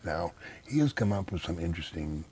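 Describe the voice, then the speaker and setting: A man's voice: sits low, lively intonation, brisk, darkish tone, husky. A man being interviewed in casual conversation, blunt and dismissive, giving long rambling explanations. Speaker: interview guest.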